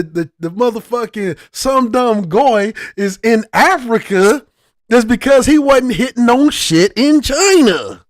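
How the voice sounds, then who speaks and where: A man's voice: extremely high pitch, dry recording, clean studio sound. A man giving casual reaction commentary as a channel host, heated and profane, often restarting his sentences.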